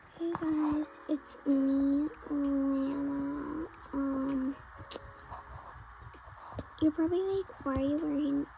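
A gamer narrates a role-play session in casual, chatty talk, leaning hard on "like" and "oh my goodness." Her high, gravelly, mellow voice stays fairly even and extremely slow with long pauses, on dull audio with a little hiss or hum.

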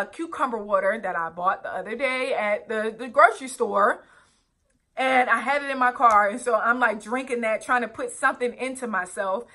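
A woman's voice: a little high, pushed and bright. A young woman vlogger telling a personal story earnestly, with direct asides to her viewers. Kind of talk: storytime vlog, recounting a personal ordeal.

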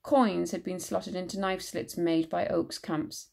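A woman teacher reading a children's book aloud with expressive storytelling narration. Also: fairly low pitch, unhurried, vocal fry, few pauses.

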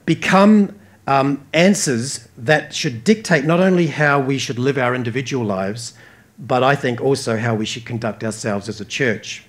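Aussie guy preaching, earnest, mid pitch, big swells then soft drops. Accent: Australian. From Australia. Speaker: pastor. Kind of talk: sermon.

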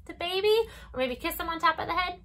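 A woman's voice: very high voice, quick pace, bright, forceful tone, a little hiss or hum. A young adult woman, a children's librarian leading a baby story time with rhymes and a picture book, talking in a playful, exaggerated sing-song with gasps and whispers.

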